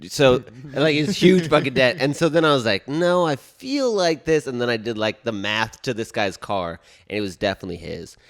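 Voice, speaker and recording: A man co-hosting a casual comedy podcast, telling stories in an animated way and acting out what people said. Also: medium pitch, a little fast, few pauses. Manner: animated storyteller who acts out what people said. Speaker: podcast co-host.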